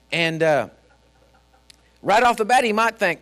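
A man's voice: sits high, sing-song, normal speed, pauses often, fairly bright tone. A man preaching a sermon as a pastor, folksy and storytelling, speaking directly to his congregation. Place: church.

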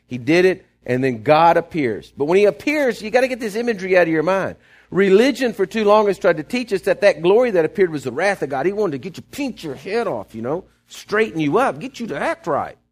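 A man preaching a sermon in a folksy, conversational way, with asides to the congregation, swinging between quiet asides and emphatic bursts. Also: on the high side. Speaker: pastor.

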